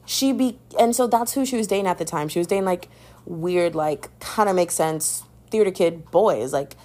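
A young woman hosting a podcast, chatting in a sassy, animated way about pop culture and calling the listener "babes.". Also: fairly low pitch. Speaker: podcast host. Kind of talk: casual pop-culture gossip commentary.

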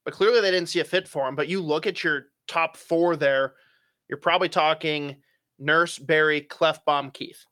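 A man's voice: a little high, fairly even intonation, normal speed, a bit bright, no echo, clean studio sound. A young man co-hosting a casual hockey chat, opinionated and swearing casually with frequent fillers. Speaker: hockey podcast co-host.

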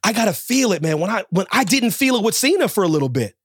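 A man co-hosts a casual podcast chat at a quick pace, his voice carrying a breathy edge, with clean studio sound and no room sound. He's emphatic and animated, repeats himself, and leaps into high, mocking quoted voices.

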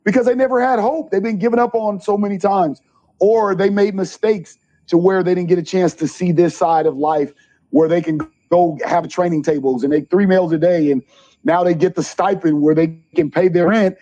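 A middle-aged man, a junior college basketball coach, telling animated stories in an interview and acting out the quotes. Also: sits high, moderate pace, dull audio. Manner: animated storyteller, acts out quotes. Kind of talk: interview storytelling.

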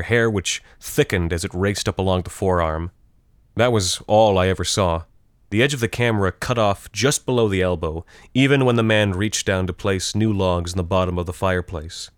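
A man's voice: sits low, no echo, clean studio sound. A man reading a scripted first-person horror story in a reflective, nostalgic way. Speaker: narrator.

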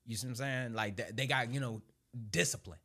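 A young adult Marine sergeant speaks fairly quickly while telling his personal story as a guest in relaxed conversation. He swears freely and laughs through his anecdotes, growing low and quiet in reflective stretches.

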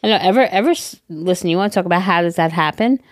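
A woman's voice: lowish voice, very fast. A young woman co-hosting a podcast, telling stories in casual chat, swearing freely and often restarting her sentences. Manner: swearing, stammering restarts, animated storytelling. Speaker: podcast co-host.

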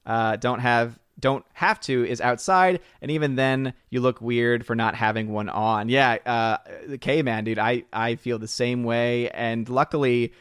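A man's voice: mid-range voice, fairly even intonation, a little slow, few pauses, a bit bright, clean tone, dry recording, clean studio sound. A man hosting a casual live stream, greeting viewers by name and reading chat comments. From southern United States. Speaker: livestream host.

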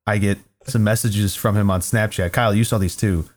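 A man's voice: on the low side, fairly even intonation, brisk. A young man co-hosting a podcast, telling stories in a laid-back, teasing way with plenty of swearing. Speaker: podcast co-host. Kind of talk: casual podcast banter.

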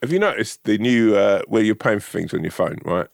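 A man's voice: lowish voice, fairly quick, creaky, no room sound, studio quality. A man co-hosting a podcast in casual chat, telling stories animatedly and acting out the dialogue. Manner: animated storyteller, acts out dialogue. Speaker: podcast co-host.

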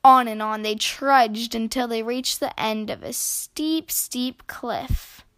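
A woman reading a children's picture book aloud in an expressive storytelling voice. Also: a little high, smooth. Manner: slow, expressive read-aloud.

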